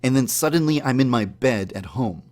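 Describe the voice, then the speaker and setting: A man's voice: moderate pace, faint music behind. Man animatedly recounting a dream. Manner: animated, acts out his own startled reactions in a higher voice. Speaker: YouTube channel host. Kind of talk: casual storytelling, recounting a dream.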